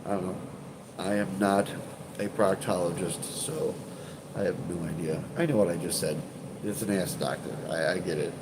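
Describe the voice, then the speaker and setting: A stuffed-up man talks loosely to his live-stream viewers, full of "uh"s, restarts and casual swearing. His voice sits on the low side. A constant hum of air conditioning runs clearly under him. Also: normal speed. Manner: rambling, hesitant, many fillers and restarts, swears casually. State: congested, stuffed up. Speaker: urban exploration channel host.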